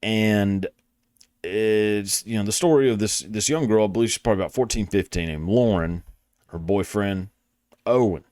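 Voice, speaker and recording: A man's voice: lowish voice, normal speed, darkish tone, no echo, clean studio sound. A young man with a Southern US accent hosting a show, rambling casually, swearing a lot and making fun of himself. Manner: crude, rambling, self-deprecating, swears a lot. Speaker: podcast host. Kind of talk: casual monologue.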